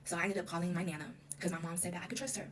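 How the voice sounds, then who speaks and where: A woman's voice: lowish voice, fairly even intonation, background noise. A woman recounting her own past in a casual storytime confession, talking emotionally with lots of "like". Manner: rapid, emotional retelling full of "like".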